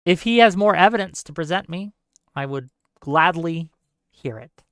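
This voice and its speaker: A talk show host giving emphatic, argumentative commentary and rebutting viewer comments, often adding quick tag questions. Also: mid-range voice, expressive, fairly bright tone, no echo, studio quality. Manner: frequent tag questions and fillers. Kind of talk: live call-in commentary, reading viewer comments.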